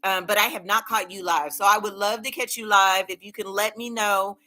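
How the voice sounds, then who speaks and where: A woman's voice: mid-range voice, fairly even intonation, fairly quick, pushed and bright. A woman hosting a casual livestream, reading viewer comments aloud and cheering them on with frequent laughter and repeated phrases. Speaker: livestream host.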